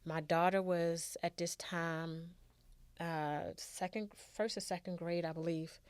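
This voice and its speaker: Heartfelt middle-aged woman, low voice. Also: steady tone, slow, clear, resonant tone, no room sound. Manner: candid, heartfelt. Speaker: storytelling guest. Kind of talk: personal life storytelling.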